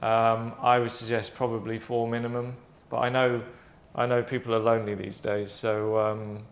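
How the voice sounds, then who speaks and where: A man's voice: mid-range voice, little pitch movement, moderate pace. A man hosting his own show, chatting in a rambling way with asides and self-corrections. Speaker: host presenting his own game idea. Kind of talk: casual monologue. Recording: echoey room.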